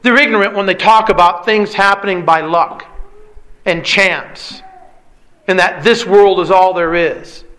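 A man's voice: high voice, a little slow, bright, forceful tone, low-quality recording. A man preaching a sermon with an emphatic, repetitive cadence. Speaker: pastor.

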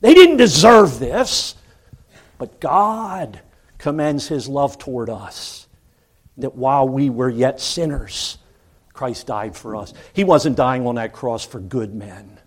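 A man preaching a sermon, building to loud cries and then dropping to hushed, solemn tones. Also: medium pitch, animated, takes it slowly.

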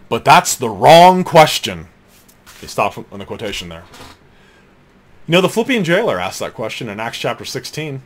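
A man's voice: mid-range voice, sing-song, normal speed. A man giving a polemical theological teaching talk in an emphatic, incredulous manner, reading quotations aloud and rebutting them.

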